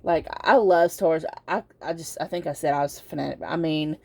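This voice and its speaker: A sleepy woman giving a casual pick-a-card tarot reading, talking in a slow, meandering way with lots of fillers. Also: deep voice, vocal fry, mellow, dry recording. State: sleepy, yawning. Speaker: tarot reader.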